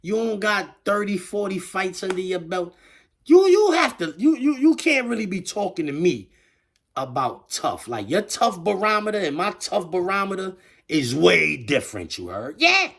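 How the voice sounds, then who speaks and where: A man's voice: high voice, big pitch swings, normal speed, creaky, fairly bright tone. A man giving a casual commentary rant in slangy street talk, full of stammered restarts. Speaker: online commentator.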